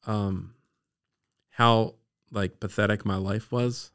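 A man from the Eastern Shore of Maryland tells a personal story as a podcast guest. His voice sits low and sounds smooth and resonant. He tells it in an animated way. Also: takes it slowly. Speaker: guest sharing his testimony.

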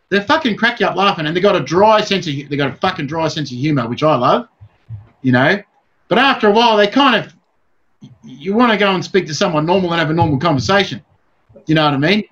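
An Australian man chatting as a guest, blunt and rambling, cursing freely in a somewhat high voice. The recording has a dull, lo-fi sound. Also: animated, a little fast, fairly bright tone. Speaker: guest comedian. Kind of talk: casual interview chat.

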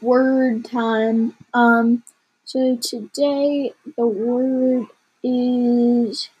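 A woman's voice: fairly high pitch, little pitch movement, very slow, a little mellow, highs cut off. A woman reading a chapter book aloud, chatting loosely and unprepared between readings. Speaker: reader.

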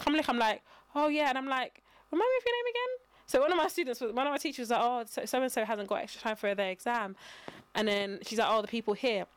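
A woman's voice: a little high, fairly even intonation, fast talker, clean tone, dry recording. A woman who works as a teacher, co-hosting a podcast in casual chat, laughing along and quoting herself in her stories.

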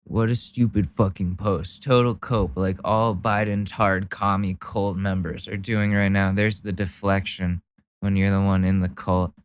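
A man's voice: low voice, little pitch movement, a little slow, clean tone, dry recording. A young man doing mocking, profane reaction commentary, sarcastic and laughing often. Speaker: commentary streamer.

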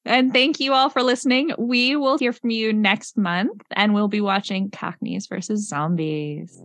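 A woman hosting a podcast in casual chat, upbeat and quick to laugh. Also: medium pitch, a bit bright. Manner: giggly, upbeat. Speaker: podcast host.

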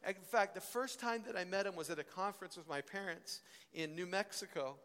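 A young man teaching at a ministry school, telling stories in an animated preaching style. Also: high voice, a little fast. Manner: animated storytelling, voice rising and falling with emotion. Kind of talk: sermon. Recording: long hall reverb.

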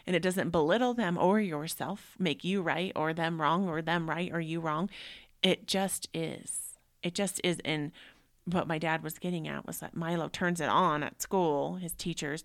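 A woman in her thirties recounting a family story on her podcast. Her voice sits fairly low with a gravelly, fry-laden texture. She talks casually and emotionally, scattering "like" through her sentences. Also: no echo, studio quality. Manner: conversational, many "like"s, emotional and heartfelt. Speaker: podcast host. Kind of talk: personal storytelling.

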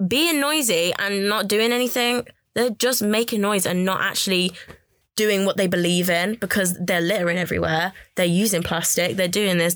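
A woman's voice: medium pitch, dry recording, clean studio sound. A nineteen-year-old woman from Birmingham with a Birmingham accent, chatting casually as a podcast co-host, rambling with lots of "like". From Birmingham, England. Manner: rambling, lots of "like", animated ranting. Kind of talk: casual chat.

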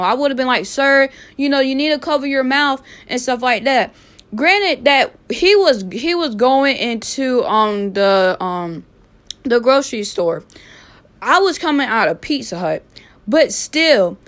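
Young woman, podcast host, sassy chatty monologue, slightly high voice. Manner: animated, repetitive, sassy asides. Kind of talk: casual storytelling monologue.

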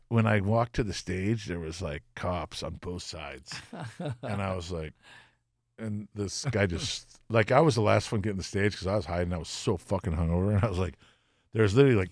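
A middle-aged man, a guest musician, telling profane, animated stories and acting out the voices of the people in them. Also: low voice, normal speed, no echo, clean studio sound. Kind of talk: casual storytelling.

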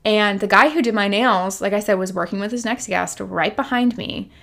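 A woman's voice: medium pitch, normal speed, gravelly, a bit bright. A young woman, a life coach, telling a personal story in a candid, chatty way, full of "like" and "literally", with a laugh now and then. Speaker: life coach and podcast host. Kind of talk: casual storytelling monologue.

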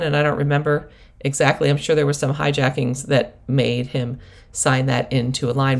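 A woman's voice: extremely low pitch, gravelly. A middle-aged woman coach telling stories in a casual, rambling monologue full of asides. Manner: rambling, digressive storytelling with laughs and asides. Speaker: prosperity coach and host.

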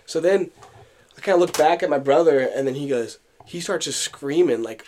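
A man's voice: a little high, fairly quick, a little mellow, a little hiss or hum. A young man co-hosting a podcast, telling a story in casual chat, acting out what people said, with many fillers and restarts. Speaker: podcast co-host.

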